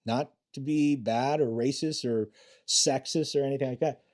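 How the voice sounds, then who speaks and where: This middle-aged man, a retired homicide detective appearing on a podcast, has a steady, mid-range, slightly mellow voice at a moderate pace. His casual interview stories are blunt and profane, with quotes acted out in other voices.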